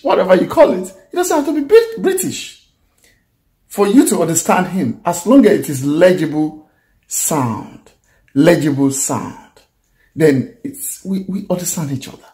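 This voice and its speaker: A man's voice: high-pitched, darkish tone, echoey room. A man teaching letter sounds in a casual video lesson, patient and repetitive, coaxing the viewer along with frequent chuckles. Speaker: language teacher.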